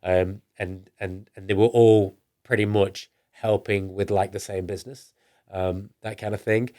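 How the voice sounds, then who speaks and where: A business guest with a northern English accent tells his story in a casual podcast interview, his fairly low voice mellow and level at a measured pace. He rambles, restarts, and acts out things people said to him.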